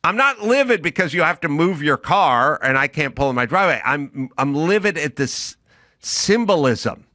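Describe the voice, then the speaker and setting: Forceful ranting man on a podcast. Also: fairly high pitch, expressive, moderate pace, no room sound, studio quality. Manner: emphatic, ranting storyteller. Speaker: podcast co-host. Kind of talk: casual chat.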